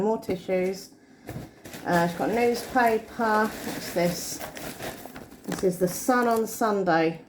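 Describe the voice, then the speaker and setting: A woman's voice: mid-range voice, lively intonation, measured pace, darkish tone, a little hiss or hum. A woman, rambling and thinking aloud to the camera while vlogging her day at home and out and about. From England. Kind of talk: casual day-in-the-life vlog chat.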